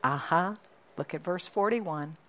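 A woman preaching a sermon to a congregation, animated and emphatic, often asking the listeners questions and repeating key lines. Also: fairly low pitch, a little slow. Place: church congregation.

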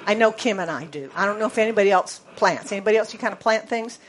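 An American woman preaching a sermon in a playful way, spelling words out letter by letter and dropping to a hushed voice for emphasis. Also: medium pitch, quick pace, slight background noise. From United States.

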